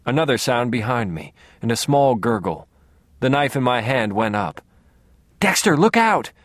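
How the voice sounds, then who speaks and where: A man narrating an audiobook in the first person, in a low-key, measured way, close to the mic. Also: animated, no echo.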